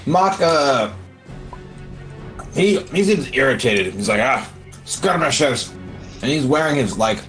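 A man's voice: mid-range voice, big pitch swings, measured pace, long pauses, fairly bright tone, soft background music. A man playing a tabletop game, rambling through his turn with many fillers and restarts. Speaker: player. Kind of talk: casual narration of a tabletop game.

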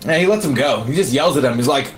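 A man at a mid-range pitch casually describes what his character does in a tabletop game. He rambles, full of fillers and self-corrections, while faint music plays underneath. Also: lively intonation, fast talker. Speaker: player.

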